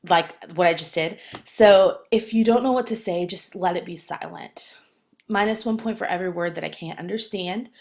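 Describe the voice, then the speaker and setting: A woman's voice: on the low side, gravelly. A woman teacher explaining an assignment to students, firm and encouraging, with frequent fillers like "um" and "okay". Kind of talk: classroom assignment instructions.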